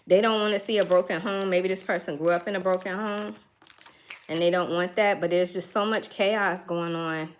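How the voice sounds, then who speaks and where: A woman's voice: on the low side, fairly even intonation, moderate pace, a little hiss or hum. A woman giving a casual tarot reading, thinking aloud in a chatty way and laughing now and then. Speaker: tarot reader.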